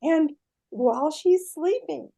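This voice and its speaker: An older woman telling a myth with lively, animated storytelling, often pausing to check in with her listener. Her voice sits high but stays mellow and warm rather than bright. She talks the way a guest does on a relaxed podcast interview. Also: vocal fry.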